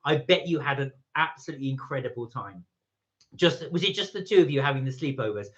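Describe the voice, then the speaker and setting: A man's voice: mid-range voice, animated, quick pace, fairly bright tone. A man hosting a live stream, chatting casually and rambling as he tastes snacks and reads out viewer comments. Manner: chatty, rambling, reads chat messages aloud.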